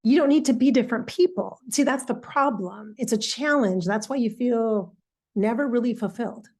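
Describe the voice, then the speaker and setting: A woman's voice: on the high side, moderate pace, darkish tone. Earnest woman musing on boundaries. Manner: earnest, repetitive, acts out her own side of a chat. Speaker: intuitive coach. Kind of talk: reflective casual monologue.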